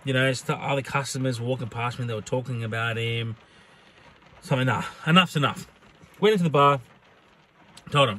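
A man and hospitality worker telling a profane, animated story in a casual vlog. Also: medium pitch, normal speed, pauses often, a little hiss or hum.

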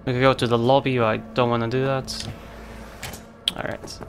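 A man's voice: mid-range voice, flat delivery, moderate pace, music in the background. A man giving casual let's-play commentary, thinking aloud with lots of fillers and mild exasperation.

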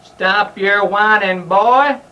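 A man playing a gruff, bossy senior male doctor who scolds in barking shouts. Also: high-pitched, takes it slowly, muffled recording, heavily acted. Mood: scolding.

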